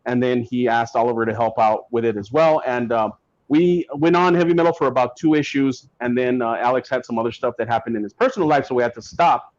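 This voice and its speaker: A man guest on a podcast, telling stories in a casual, animated way and acting out what others said. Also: medium pitch, fast, no echo. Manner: animated, acts out quotes from people in his stories. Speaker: guest comic writer. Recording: dull lo-fi sound.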